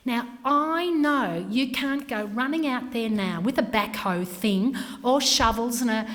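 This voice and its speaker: A woman runs a workshop in a lively, acted-out way, slipping in and out of little dialogues. Her voice sits a bit high, and a long hall reverb trails behind her words. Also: a little slow, few pauses. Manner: animated, acts out customer exchanges, drops to whispers. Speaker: workshop presenter. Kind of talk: training talk with acted scenarios.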